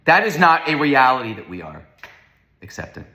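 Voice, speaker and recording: A man's voice: medium pitch, very animated, normal speed, bright, forceful tone. A man teaching a Torah lecture, speaking emphatically, asking rhetorical questions and repeating words for stress. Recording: roomy echo.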